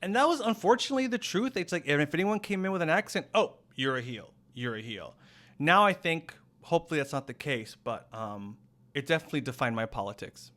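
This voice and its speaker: A man's voice: a little high, expressive, quick pace, fairly bright tone. Rambling man on a comedy podcast. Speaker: guest. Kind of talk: improvised comedy podcast chat.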